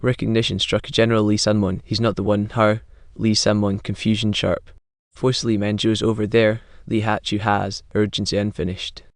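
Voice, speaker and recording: A male recap narrator tells a dramatic story in clipped, terse fragments and reads every character's lines in his own voice. His voice sits a little low and stays flat and even in pitch. The recording is dry and close, with no room sound. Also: normal speed, hardly any pauses, dry recording.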